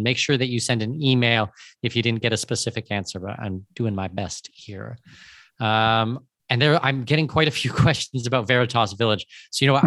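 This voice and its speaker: A man's voice: mid-range voice, fairly bright tone, no room sound. Male podcast host, casual Q&A moderator, dry close-miked sound. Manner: friendly, paraphrasing audience questions. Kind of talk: casual webinar Q&A.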